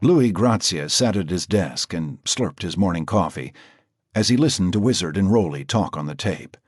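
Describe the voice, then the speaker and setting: A man narrating a crime audiobook with an expressive, dramatic reading. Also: deep voice, moderate pace, slightly rough, dry recording, clean studio sound. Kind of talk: scripted narration.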